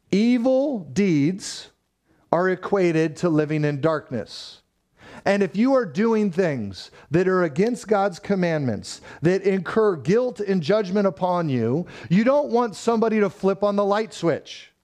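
Emphatic preaching man, fairly high voice. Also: a little mellow. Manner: emphatic preaching, repeating phrases for stress; asks the congregation rhetorical questions. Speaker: pastor. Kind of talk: sermon.

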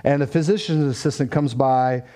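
A man's voice: mid-range voice, moderate pace, mellow. A man telling a family story in a casual, faith-tinged way, acting out the dialogue. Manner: conversational, acts out quoted dialogue, frequent fillers.

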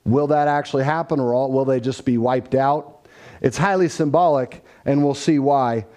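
A man's voice: mid-range voice, normal speed. A middle-aged man preaching a sermon that explains a scripture passage, telling stories and acting out voices as he goes. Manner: storytelling, animated, acts out quotes. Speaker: pastor.

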